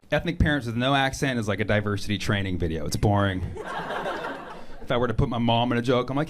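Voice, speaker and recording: A man's voice: medium pitch, lively intonation, quick pace, heavy background noise. A man doing a stand-up routine, playful and full of mock indignation. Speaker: stand-up comedian. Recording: live club with loud crowd laughter.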